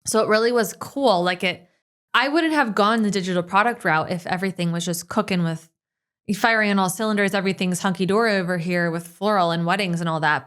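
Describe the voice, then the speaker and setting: A woman's voice: fairly low pitch, a bit bright. A woman hosting a podcast, talking in a casual, enthusiastic and emphatic way. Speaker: podcast host, business owner.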